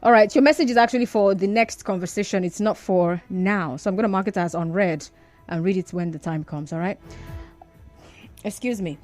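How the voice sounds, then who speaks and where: A Nigerian woman hosting a radio phone-in, brisk and firm, arguing back at callers. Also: medium pitch, a little mellow, soft background music. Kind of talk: call-in radio talk.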